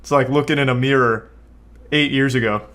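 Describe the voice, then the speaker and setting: A young man giving casual commentary on a video clip, with a dry, deadpan, sarcastic delivery, relaxed pacing and casual swearing. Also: medium pitch, background noise. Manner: relaxed, unhurried storytelling with frequent fillers. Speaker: YouTube commentator.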